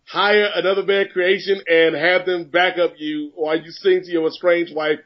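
A man co-hosting a casual sports podcast, joking and rambling through animated riffs. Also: high-pitched, normal speed. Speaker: podcast co-host. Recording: dull lo-fi podcast audio.

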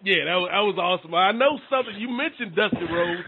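A man's voice: high-pitched, lively intonation, fast talker. A male radio show host who steers the conversation between topics in an easygoing way. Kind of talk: casual radio show hosting. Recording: dull lo-fi audio with faint hiss.

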